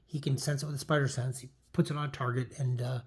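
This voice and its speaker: A man's voice: medium pitch, flat delivery, fast talker, slightly rough. A man casually talking through an old comic book, rambling with lots of fillers and restarts. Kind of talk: casual chat.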